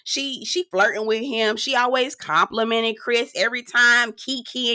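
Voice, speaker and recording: A woman's voice: moderate pace, hardly any pauses, dry recording, studio quality. A woman recapping a reality show in casual commentary, sassy and chatty, calling the viewer "girl". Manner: animated, swinging up high for emphasis. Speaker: reality TV reviewer.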